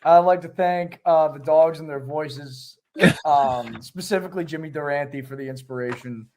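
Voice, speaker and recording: A man's voice: a little high, moderate pace. Man on a noisy line. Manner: hesitant, joking. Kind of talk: casual livestream chat.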